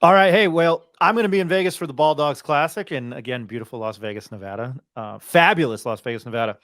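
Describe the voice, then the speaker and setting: This sports podcast host speaks fast in a fairly high, slightly bright voice, captured in a dry, clean studio recording. His talk is casual and rambling, full of restarts and fillers as he lists off game scores.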